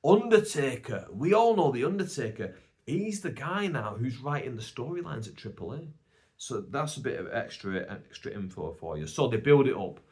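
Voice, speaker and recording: A man's voice: mid-range voice, sing-song, moderate pace, darkish tone. A British man hosting a casual solo podcast, telling a long story in a chatty, rambling way with many asides. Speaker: podcast host.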